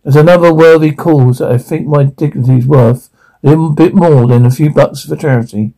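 A man with a gravelly voice delivering sitcom dialogue in halting bursts full of restarts. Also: a little high, warm tone, rough recording.

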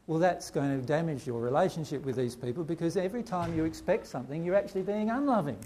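A man's voice: fairly high pitch, lively intonation, quick pace, mellow, a little hiss or hum. A man giving a conversational spiritual talk to a group, often putting rhetorical questions to his listeners. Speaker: spiritual teacher.

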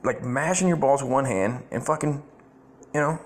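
A man voicing his late grandfather as an exasperated older man who scolds in rapid, swearing outbursts. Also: medium pitch, lightly acted.

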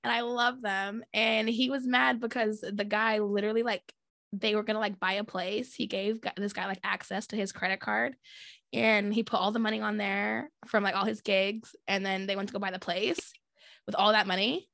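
A woman's voice: medium pitch, little pitch movement, normal speed, vocal fry, fairly bright tone, dry recording, clean studio sound. A young woman co-hosting a podcast in casual chat, blunt and exclaiming, prone to tangents. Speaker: podcast co-host.

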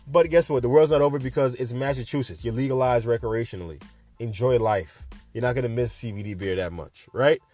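A man's voice: medium pitch, a little fast, dark tone, no echo, faint music behind. A man in his twenties hosting a podcast, rambling through a late-night rant in a jokey, sarcastic way. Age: 20s. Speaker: podcast host.

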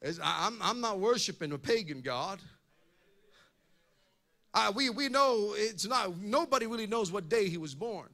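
A man's voice: high-pitched, expressive, moderate pace, gravelly, long pauses, sharp tone. A male pastor preaching a sermon in an impassioned way, often repeating words as he goes.

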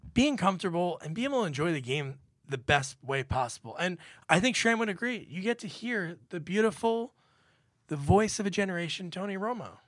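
A man's voice: high-pitched, a bit bright, no room sound, clean studio sound. A man arguing his side in a casual podcast debate, joking and building scenarios. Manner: jokey, builds scenarios to argue his case. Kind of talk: casual argumentative banter.

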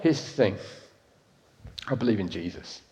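Animated preacher in an echoey hall. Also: male voice, fairly low pitch, normal speed. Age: 50s. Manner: animated, swinging from loud emphatic to soft and intimate. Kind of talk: sermon.

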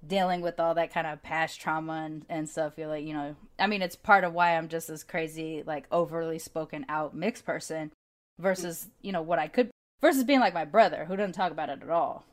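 A woman's voice: low-pitched, moderate pace. A woman in casual chat, telling personal stories candidly and with animation, laughing often and swearing freely.

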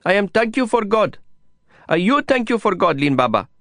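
A man voicing a small, earnest boy who speaks broken English with eager, halting phrasing. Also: high voice, very animated, a bit bright, dry recording, studio quality, voice pushed up, full character voice.

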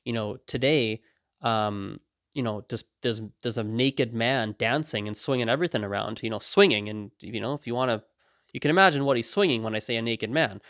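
A man's voice: mid-range voice, a little fast, no echo, studio quality. A man hosting a podcast, talking casually and acting out the voices of people in his stories. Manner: animated, acts out quoted voices, laughs often. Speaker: podcast host. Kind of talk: casual monologue.

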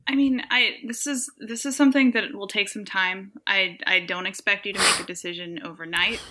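Bright-voiced woman, mock-sincere. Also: mid-range voice, fairly even intonation, brisk, low-quality recording. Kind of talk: casual comedic chat.

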